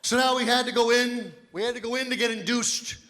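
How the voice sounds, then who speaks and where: A man in his fifties performing a stand-up comedy set, telling stories loudly and physically and shouting his punchlines. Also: very high voice, fairly even intonation, brisk. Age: 50s. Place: comedy club stage. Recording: live hall reverb with faint noise. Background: audience laughter.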